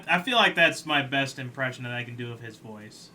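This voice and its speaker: A man's voice: mid-range voice, expressive, fast, hardly any pauses, pushed and bright, slight background noise. A man casually commenting while playing a video game on stream, chatty and self-deprecating.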